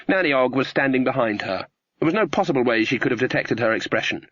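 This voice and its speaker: A man reading an audiobook in a steady, measured narrating voice of middling pitch. The recording is dull and lacks top end. The room is dry and close. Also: dry recording. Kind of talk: scripted narration.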